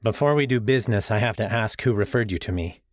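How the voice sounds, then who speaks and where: A man's voice: lowish voice, fast, no echo, clean studio sound, natural voice. A man voicing a sly, nervous young male student who deals on the side, with a nasal, smug and evasive voice.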